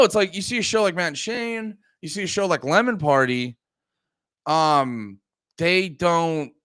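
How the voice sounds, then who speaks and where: A young man hosting a live stream rants in a loose, profane way, stumbling through restarts and slipping into mocking voices. His voice sits a bit high for a man. The sound is dry and close, with no room around it. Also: clean tone, dry recording. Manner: animated, profane, many restarts, mocking put-on quotes. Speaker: streamer and podcast host. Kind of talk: casual live-stream rant.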